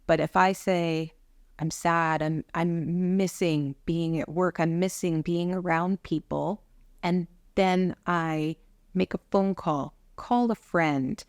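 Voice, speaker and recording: Woman, earnest vlog talk, lowish voice, close dry sound. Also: dry recording. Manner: earnest, candid, gently encouraging. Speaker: vlogger sharing concussion recovery. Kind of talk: personal reflective talk to camera.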